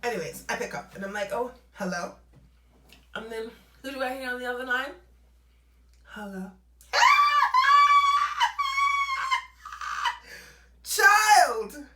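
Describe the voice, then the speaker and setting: A young woman telling a storytime vlog, animated and acting out both sides of phone calls in a casual way. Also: fairly high pitch, fairly quick, reverberant, very noisy.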